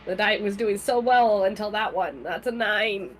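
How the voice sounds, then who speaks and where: A woman's voice: medium pitch, moderate pace. A woman playing in a tabletop game, chatty and joking. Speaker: player. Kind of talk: casual chat.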